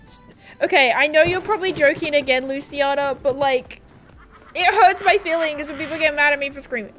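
A chatty young Australian woman talks casually through a gaming livestream, rambling from one thing to the next and giggling often. Her voice sits high and light, with soft music playing faintly underneath. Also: brisk. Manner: chatty, rambling, giggly, reads viewer comments aloud.

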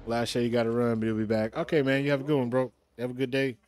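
A man's voice: medium pitch, steady tone, quick pace, a little mellow, faint music behind. A young man streaming a shooter game, chatting casually, joking, cursing and laughing a lot as he plays. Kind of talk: casual live-stream commentary.

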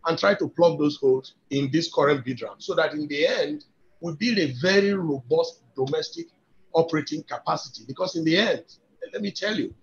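A man's voice: fairly high pitch, brisk, vocal fry. A man with a Nigerian accent speaking as an industry guest on a webinar, making his points emphatically and persuasively and often repeating words as he builds an argument. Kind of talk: webinar talk. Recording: dull lo-fi webinar audio.

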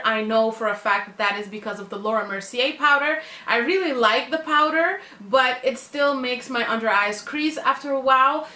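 A woman's voice: fairly high pitch, pushed and bright. A woman chatting casually to camera as a beauty vlogger, informal and talkative. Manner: chatty, informal, addresses viewers as guys.

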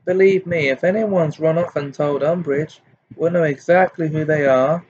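A man reading aloud and voicing a clever, bossy teenage schoolgirl witch in a brisk, prim manner. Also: a little high, fairly even intonation, darkish tone, dull audio, a little hiss or hum, pitched above the performer's own voice, close to an everyday voice.

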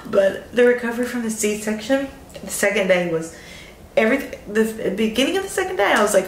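A new mom films a casual vlog about giving birth from a hospital room, gushing, giggling, and overwhelmed with feeling. She speaks briskly in a slightly high voice with big pitch swings, and the roomy audio carries a little hiss or hum.

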